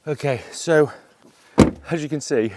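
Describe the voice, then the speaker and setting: A middle-aged man, a landscape photographer, talking through his shots outdoors on a hillside, with excited, breathless bursts of wonder. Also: a little high, a little slow, heavy background noise. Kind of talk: outdoor vlog narration.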